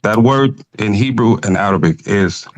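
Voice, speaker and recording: Man calling in, preachy and slow, keeps saying give me a minute. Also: on the low side, dry recording, low-quality recording. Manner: slow, lecturing, stalls for time. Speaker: caller. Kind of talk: preaching argument on a call.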